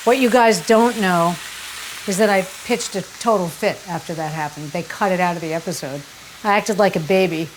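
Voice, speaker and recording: A woman's voice: on the low side, moderate pace, slight background noise, rough recording. A woman hosting a casual cooking demonstration in a kitchen, chatty and candid, teasing herself and breaking into sudden exclamations. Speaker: cooking show host.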